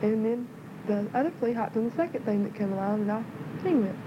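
A woman from the Southern US with a Southern accent, chatty and fast-talking, casually telling a joke. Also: fairly high pitch, expressive. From Southern United States. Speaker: storyteller. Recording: muffled, loud vehicle noise.

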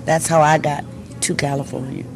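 Older lady singer telling old stories, does the voices when she quotes folks, soft music way in the back. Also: sits low, moderate pace, vocal fry. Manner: animated storyteller who acts out quoted voices. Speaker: interviewee, singer. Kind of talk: casual storytelling.

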